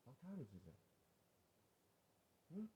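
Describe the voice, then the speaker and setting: A man arguing with his wife on a vlog, profane and confrontational, his voice rising toward yelling. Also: on the high side, huge pitch swings, a little slow, slight background noise, low-quality recording. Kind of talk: heated domestic argument on a vlog.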